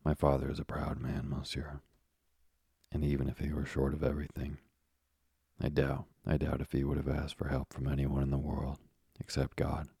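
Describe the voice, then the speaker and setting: A man voicing an earnest young sailor, deep and dark. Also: monotone, a little fast, breathy edge, no echo, studio quality, heavily acted. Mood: polite. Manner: polite, grave.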